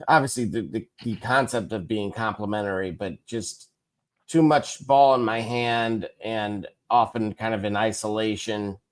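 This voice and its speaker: Measured analytical sports talk man. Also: fairly low pitch. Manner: measured, analytical, hesitant restarts.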